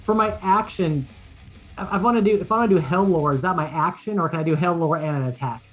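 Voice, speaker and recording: A player at a tabletop game who talks through each move haltingly, restarting and filling gaps as they think. Soft guitar music sits faintly underneath. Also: mid-range voice. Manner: halting, thinks aloud with fillers. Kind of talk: casual tabletop play chat.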